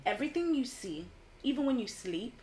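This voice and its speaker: A woman's voice: fairly high pitch, very animated, brisk, a little mellow, rough recording. A woman in a casual group chat. She talks earnestly and emphatically, with faint noise behind her. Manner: earnest, emphatic, repeats herself.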